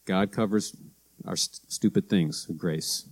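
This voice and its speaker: A man's voice: sits low, a little slow. Man preaching in a storytelling way. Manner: conversational storytelling, with anecdotes and acted-out quotes. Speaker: pastor. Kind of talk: sermon.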